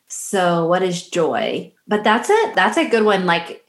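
A woman from the American South co-hosting a podcast, talking in a casual, animated way and laughing often. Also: on the low side, reverberant. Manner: animated, laughs often, quick back-and-forth. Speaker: podcast co-host. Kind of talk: casual chat.

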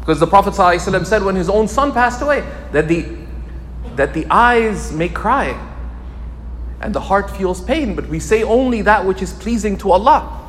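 A man delivers a religious teaching in a fairly high voice that rises and falls a great deal. He repeats key phrases for emphasis. The sound carries a long hall reverb over a faint background hum. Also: animated, fairly quick. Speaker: Islamic scholar teaching. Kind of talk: lecture sermon.

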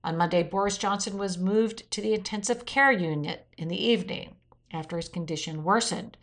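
A woman's voice: medium pitch, moderate pace. A woman hosting a weekly news roundup, reading out quotes and adding blunt opinion asides. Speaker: news commentary host.

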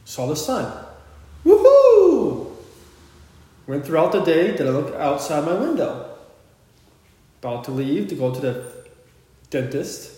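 Easygoing co-host, slightly high voice. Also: male voice, animated, moderate pace, long pauses, a little mellow. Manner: easygoing, joking. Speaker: podcast co-host. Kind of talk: casual chat. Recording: echoey room.

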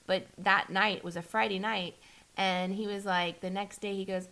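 A woman's voice: normal speed, vocal fry. A woman talking candidly in a casual conversation, restarting often and acting out quoted lines with a lifted voice. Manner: animated, acts out quotes with rising pitch, restarts often.

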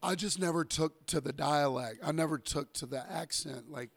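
Hoarse, gravelly Southern podcast host. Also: male voice, on the high side, normal speed, no room sound. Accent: light Southern US. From Southern US, Savannah area. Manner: laid-back, swears freely. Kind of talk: casual podcast chat.

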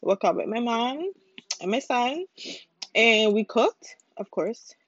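Joking woman, slightly high voice. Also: lively intonation, slow pace, fairly bright tone, no room sound. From Caribbean. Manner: joking, rambling, with apologetic asides. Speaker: podcast host. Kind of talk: casual solo podcast chat. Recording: dull lo-fi home recording, dry.

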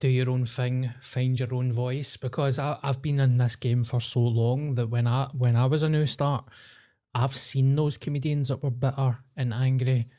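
Blunt, sweary Scottish comedian host. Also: male voice, mid-range voice, flat delivery, normal speed, warm tone. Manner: blunt, sweary, laughs easily. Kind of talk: casual podcast chat.

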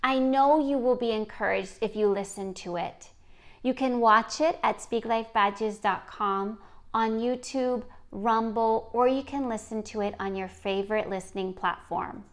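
Slow, gentle woman blessing her listeners. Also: on the high side. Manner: gentle, blessing-style delivery. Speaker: podcast host. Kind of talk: faith-based podcast outro.

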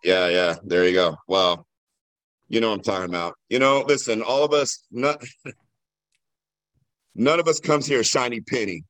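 Casual, folksy man with a lowish voice. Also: unhurried, long pauses, a bit bright, no room sound. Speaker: sales agent in a group discussion.

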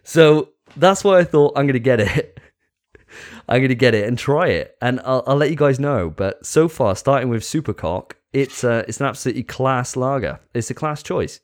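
A man's voice: medium pitch, expressive, moderate pace. A man hosting a casual podcast chat, joking with crude banter. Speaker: podcast host.

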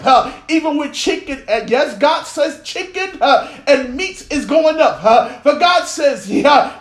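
A man's voice: very high-pitched, a bit bright. A man delivering a fervent prophetic sermon, speaking in tongues, peppering his lines with "uh" and "huh," and often breaking into laughter. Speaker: prophetic preacher. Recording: echoey room.

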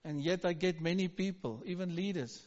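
A man's voice: high voice, normal speed, darkish tone. A middle-aged male pastor preaching a sermon with emphatic call-and-response, urging the congregation to answer. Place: church hall. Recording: dull recording with long hall reverb.

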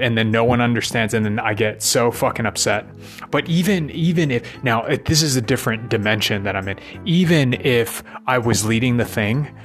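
A man's voice: mid-range voice, fairly bright tone. A man venting in a rambling monologue, swearing often and tagging his thoughts with questions to the listener. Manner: profane, ranting, keeps asking "right?".

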